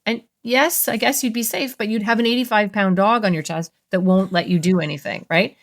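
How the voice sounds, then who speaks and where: A woman therapist talking as a podcast guest, explaining in an animated, conversational way. She slips into playful voices for the thoughts she describes, and her pitch sits in the middle. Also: a little fast, hardly any pauses.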